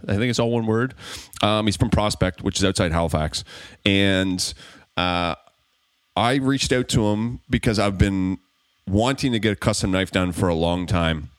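Deep-voiced rambling podcast host, man. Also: normal speed, dry recording. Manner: rambling, with many fillers and restarts. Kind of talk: casual podcast chat. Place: room in a big old house.

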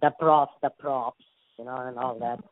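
A man's voice: mid-range voice, steady tone, normal speed. An older man from India with an Indian accent, a guest actor telling rambling anecdotes full of stammered restarts. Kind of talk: casual interview storytelling. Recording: dry tinny phone-like line.

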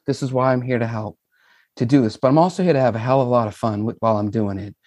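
A man's voice: mid-range voice, fast, no echo. A middle-aged man from Boston with a Boston accent, a former principal telling folksy stories as a podcast guest. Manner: animated, folksy storyteller. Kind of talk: podcast interview storytelling.

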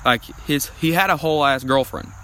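A man's voice: on the high side, a little fast, fairly bright tone, slight background noise, poor audio. A young adult man, a podcast guest, rambling through a story in casual chat with many fillers.

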